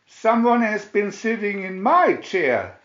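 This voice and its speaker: A man voicing a small baby bear in a high wee voice for a storybook. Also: big pitch swings, slow, fairly bright tone, reverberant, muffled recording, exaggerated voice. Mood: upset.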